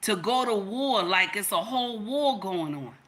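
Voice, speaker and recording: A woman's voice: mid-range voice, lively intonation, unhurried, fairly bright tone. A woman, giving an emphatic, storytelling opinion monologue in which she repeats her points. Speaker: content creator.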